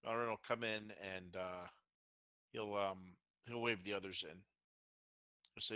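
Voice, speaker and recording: A man's voice: on the low side, steady tone, unhurried, pauses often, sharp tone, smooth, dry recording, dull audio. A man playing his character in a tabletop game, hesitant with many fillers. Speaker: player.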